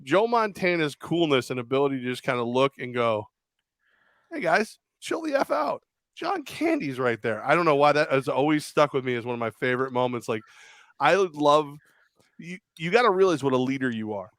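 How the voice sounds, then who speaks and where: Animated man telling sports stories. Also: mid-range voice, brisk, no room sound. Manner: animated storyteller, acts out quotes. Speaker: podcast co-host. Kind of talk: casual sports chat.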